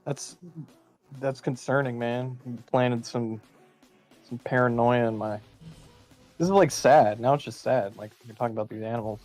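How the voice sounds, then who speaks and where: A man speaking as a guest on a live stream panel, hesitant and halting in casual chat. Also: mid-range voice, fairly even intonation, darkish tone, faint music behind. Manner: hesitant, halting, many restarts.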